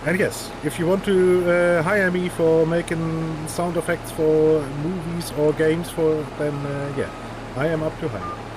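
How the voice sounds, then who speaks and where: A man's voice: a little high, fairly even intonation, measured pace. A man with a German accent chatting casually and joking while he plays a farming game on stream. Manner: chatty, joking, thinks aloud. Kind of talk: casual gameplay commentary. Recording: noisy background hiss.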